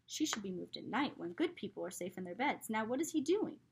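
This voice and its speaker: A man's voice: sits high, big pitch swings, brisk, vocal fry, slightly rough, exaggerated voice. A woman reading aloud gives voice to a stern, blustering old grandfather. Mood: angry shouting. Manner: indignant, shouting at a stranger.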